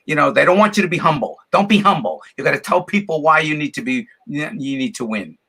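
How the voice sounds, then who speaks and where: A Boston man chats as an interview guest in a raised, gravelly voice. His tone is bright and forward. He hammers his points with repetition and laughs easily. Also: a little high, expressive, quick pace. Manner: emphatic, repeats phrases, laughs easily. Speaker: comedian and guest. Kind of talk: casual interview chat.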